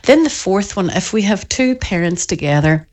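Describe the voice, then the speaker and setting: Lively woman explaining. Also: mid-range voice, moderate pace. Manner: animated, acts out parents' voices in quotes. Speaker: parenting expert guest. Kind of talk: podcast interview.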